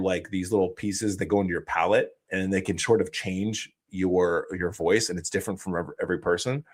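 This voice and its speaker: Male live-stream host, deep low register, relaxed chatty explainer. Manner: casual, loose explanatory talk with fillers and restarts.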